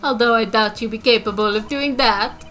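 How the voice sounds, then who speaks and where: Woman putting on a haughty rich businessman voice, grandiose big words, bright tone, higher pitched. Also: moderate pace, faint music behind, lightly acted. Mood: smug. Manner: grandiose, big-word affected speech. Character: pompous arrogant male corporate CEO. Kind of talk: reading game dialogue aloud.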